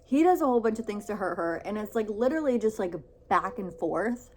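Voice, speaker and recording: A young woman talking casually and excitedly about books she loved, full of "like"s and repeated words. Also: medium pitch, brisk, slight background noise. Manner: gushing, filler-heavy with many "like"s and repeats. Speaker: book vlogger. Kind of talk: casual book review vlog.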